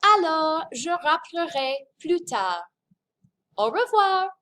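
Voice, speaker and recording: A woman's voice: very high voice, sing-song, slow, bright, forceful tone, pitched above the performer's own voice, heavily acted. Woman doing a polite little phone-calling girl.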